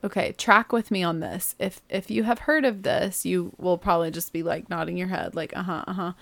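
A woman's voice: on the low side, normal speed, gravelly, a bit bright. A woman, hosting a podcast in a rambling, chatty way with lots of "like" and self-corrections. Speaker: podcast host. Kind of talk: casual solo chat.

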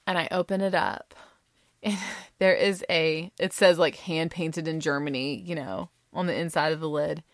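A woman telling a personal story in a casual, animated way, dropping into hushed asides. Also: lowish voice, moderate pace, dry recording, clean studio sound. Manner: animated, dramatic, slips into voices and hushed whispers.

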